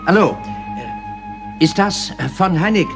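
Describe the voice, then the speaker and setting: A courteous old gentleman talks formally and politely, stumbling into ums and uhs when flustered. His voice is mid-pitched and animated, set in a period radio drama with music running behind. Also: slow, heavily acted. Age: older. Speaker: grandfather of the household.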